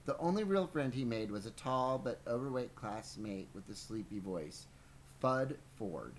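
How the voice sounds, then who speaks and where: A man's voice: mid-range voice, expressive, a little slow, a little hiss or hum, rough recording. A man reading a book aloud on a podcast, stumbling now and then and breaking off for playful asides. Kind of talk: live book reading with banter.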